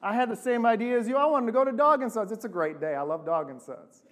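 A man, a pastor, preaching a sermon and telling a story with lively acted-out voices. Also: high voice, quick pace. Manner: animated storytelling, acting out quoted voices.

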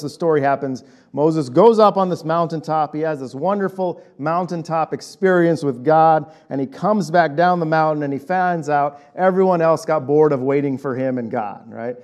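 Pastor, man in his late 30s, casual sermon delivery, slightly higher voice, checks in with the room. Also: darkish tone. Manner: conversational, checks in with "right?".

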